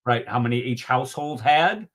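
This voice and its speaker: A man's voice: mid-range voice, expressive, moderate pace, a bit bright. A man in a heated political discussion, indignant and mocking, often restarting his sentences. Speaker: discussion group co-host.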